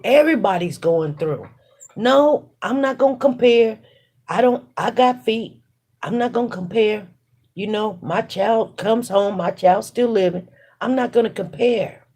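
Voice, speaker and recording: Woman host, mid-pitched husky voice, casual livestream musing, emphatic and repetitive. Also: darkish tone. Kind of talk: casual spoken reflection while working.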